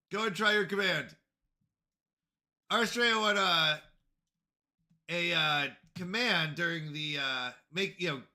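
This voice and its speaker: Bright-voiced man chatting on a game stream. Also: a little high. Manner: flustered, apologetic, talks to chat, repeats himself. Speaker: livestreamer. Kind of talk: casual live gaming stream chat.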